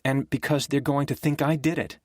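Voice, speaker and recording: A man voicing a frightened, sick teenage girl who bursts out shrill and tearful, in an audiobook reading. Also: animated, a little slow, vocal fry, no echo, studio quality, heavily acted. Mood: furious panic.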